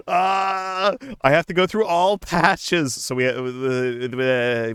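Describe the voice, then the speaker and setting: A man's voice: a little high, fairly even intonation, drawn-out words, long pauses, a bit bright, smooth, no echo. A young man chatting casually on a live stream, playful and laughing often, slipping into a silly put-on accent.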